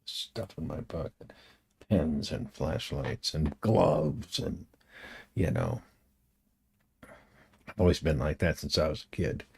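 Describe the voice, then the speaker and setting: A man's voice: rumbling low, takes it slowly, gravelly, pauses often, darkish tone, husky. An older man talking to his camera at home in a chatty, meandering, self-deprecating way, with chuckling asides. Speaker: vlogger. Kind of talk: rambling casual monologue.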